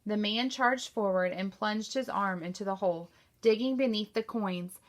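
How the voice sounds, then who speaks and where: A woman teacher reading a novel aloud to her class in a steady storytelling manner. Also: mid-range voice, normal speed.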